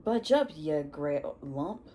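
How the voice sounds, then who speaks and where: A woman reading aloud and voicing a huge, gruff bearded male giant with blunt, rustic speech and a tried-for West Country English accent. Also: sits low, big pitch swings, slow pace, dark tone, slight background noise, exaggerated voice. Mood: gruff, friendly. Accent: attempted West Country English. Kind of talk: storybook read-aloud.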